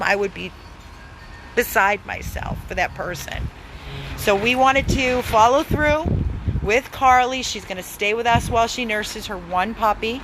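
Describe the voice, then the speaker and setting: A woman's voice: medium pitch, pushed and bright, slight background noise, rough recording. A woman who runs an animal rescue, pleading for donations, emphatic and repeating words for stress. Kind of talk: pleading fundraising appeal.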